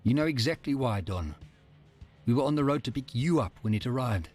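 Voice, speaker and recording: An actor playing a determined younger brother in a leg brace, quiet and insistent, in a game. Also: male voice, mid-range voice, expressive, a little fast, soft background music, lightly acted. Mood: earnest.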